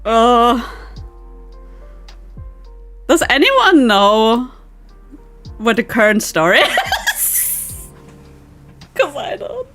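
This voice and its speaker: A woman's voice: a little high, wildly swooping pitch, very slow, pauses often, a bit bright, faint music behind. A young woman streaming live, reading a fanfic aloud and reacting to chat with giggly disbelief. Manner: giggly, incredulous, talks to chat. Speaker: virtual streamer.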